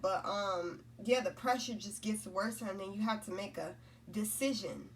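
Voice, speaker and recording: A woman's voice: medium pitch, measured pace, distant mic, slight background noise. A woman giving a casual spiritual talk, rambling and repeating herself, often checking in with "right?" and "you know?". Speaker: spiritual content creator.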